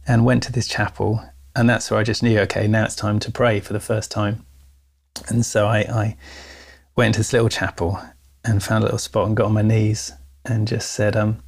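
A man, a guest telling his life story in a casual interview, animated, acting out the people in it. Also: lowish voice, gravelly. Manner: animated, laughs often, acts out quoted voices.

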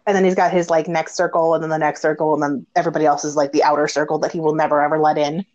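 A woman hosting a casual conversation, telling stories with lots of laughter and animated quoted dialogue. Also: low-pitched, racing. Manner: animated storyteller, laughs often. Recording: dull lo-fi audio.

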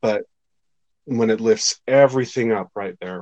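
A man co-hosting a casual chat, talking in a halting, reflective way that trails off softly. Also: fairly low pitch, no room sound. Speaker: podcast co-host.

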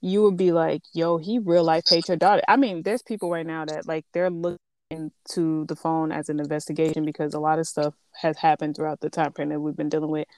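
A young woman hosting a casual chat, talking candidly and telling animated stories in which she quotes other people. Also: low voice, brisk, no room sound.

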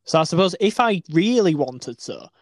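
A woman's voice: on the low side, very animated, normal speed, no room sound. A woman co-hosting a podcast, teasing her co-host in a dry manner. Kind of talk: casual chat.

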